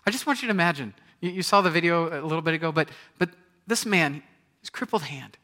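A man preaching a sermon in a church, his voice bright and a little higher than most. He is animated, acting out little voices and moving between loud exclamations and hushed asides. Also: fast talker. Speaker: pastor.

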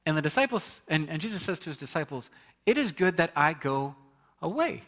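A man's voice: a little high, sing-song, fast talker, fairly bright tone. A man preaching a sermon in a conversational way, reading scripture aloud and often restarting his words. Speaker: pastor.

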